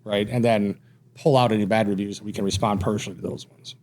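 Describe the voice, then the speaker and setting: A man's voice: fairly low pitch, steady tone, fast talker, a little mellow. A man, a pizza franchise owner, talking casually as a podcast guest, reserved and self-deprecating, often trailing off.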